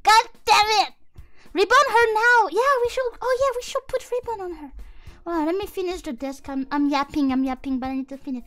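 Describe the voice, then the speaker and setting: A woman's voice: very high-pitched, fairly quick, a bit bright. A woman streaming as a VTuber, chatting casually with viewers in a giggly, exuberant and playfully crude way. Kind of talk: casual livestream chat with viewers.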